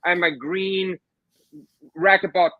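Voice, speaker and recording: A man telling a funny anecdote in a casual chat, animated, with quick restarts as a guest author. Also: high-pitched, dry recording, narrow, tinny audio.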